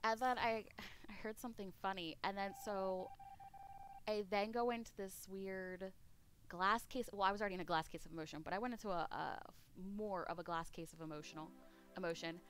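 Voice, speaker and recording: A woman's voice: mid-range voice, fairly quick, fairly bright tone, slight background noise. A woman streamer chatting casually while gaming, rambling and candid, laughing often and swearing offhandedly.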